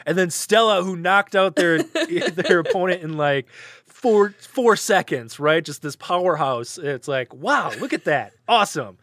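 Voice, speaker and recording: Casual male GM; fairly high pitch, dry close sound, loose and filler-heavy. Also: measured pace, a bit bright, no echo. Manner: loose and rambling, full of fillers like "kinda". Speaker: game master. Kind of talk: narrating a tabletop game.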